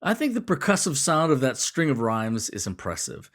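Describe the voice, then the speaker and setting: Lively man explaining poetry. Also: medium pitch, normal speed. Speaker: teacher. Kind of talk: educational video narration.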